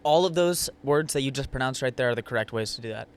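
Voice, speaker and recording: A man's voice: medium pitch, quick pace, clear, resonant tone. A man co-hosting a podcast, blunt and opinionated in casual chat, laughing often. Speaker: podcast co-host.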